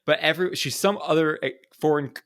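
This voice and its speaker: A young man co-hosting a podcast, tossing out jokes and quick reactions and sometimes reading aloud. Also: fairly high pitch, fairly bright tone. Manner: joking, quick reactions, reads aloud from articles. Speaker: podcast co-host. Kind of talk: casual chat.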